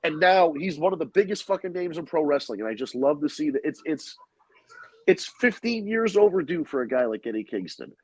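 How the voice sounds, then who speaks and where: A man's voice: a little high, sing-song, brisk, darkish tone, husky, dry recording, low-quality recording. A man hosting a podcast, talking in a casual, rambling and profane way with strong opinions. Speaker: podcast host. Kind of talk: casual chat.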